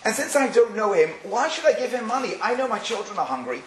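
A man's voice: sits high, big pitch swings, fast talker, voice pushed up. A man doing a defensive, stingy poor traveler. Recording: roomy with faint hiss.

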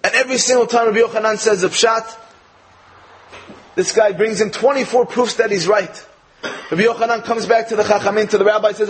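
High-voiced American man telling a joke. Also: brisk, a little hiss or hum, low-quality recording. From United States. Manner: storytelling, animated delivery of quoted lines. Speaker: speaker giving a Torah talk. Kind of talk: sermon with a told joke. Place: speaking in England.

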